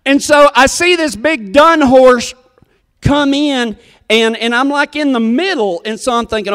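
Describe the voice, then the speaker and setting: A man's voice: very high voice, normal speed, fairly bright tone, clean tone, in a large hall. A man telling a comic story in a folksy, rambling, self-deprecating way.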